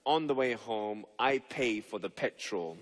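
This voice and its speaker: This young motivational speaker has a fairly low voice with lively intonation and a measured pace. Addressing a live crowd, he narrates a story and performs both parts of the conversation. The sound echoes through the big hall of a stage venue.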